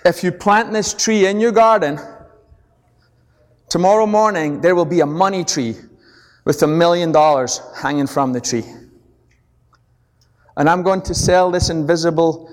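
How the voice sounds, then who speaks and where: Sly Scottish leprechaun salesman, smooth pitch, as a man puts him on, hall echo. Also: natural voice. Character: sly male leprechaun selling magic seeds. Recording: long echo of a large hall.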